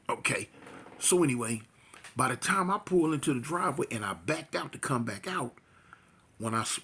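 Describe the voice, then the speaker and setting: A man telling a tense street story casually, animated and slangy, acting out the sounds himself. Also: mid-range voice, breathy edge.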